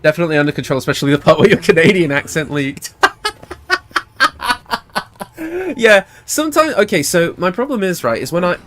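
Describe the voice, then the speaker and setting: A man's voice: a little high, expressive, fast, fairly bright tone, a little hiss or hum. A man with a British accent chatting casually while streaming a game, thinking aloud and laughing often. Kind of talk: casual gameplay livestream commentary.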